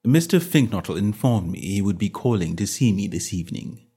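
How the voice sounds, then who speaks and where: A man voicing a reserved, disapproving male valet who speaks formally and quietly, ending lines with a clipped "sir". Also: on the low side, very animated, brisk, breathy edge, pitched below the performer's own voice. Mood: stiffly polite.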